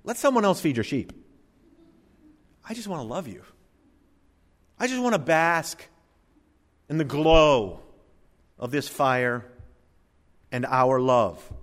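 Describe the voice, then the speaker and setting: A man voicing an apostle who pleads to just bask in love instead of working, in a higher voice, with long hall reverb. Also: expressive, takes it slowly, pauses often. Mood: wistful pleading.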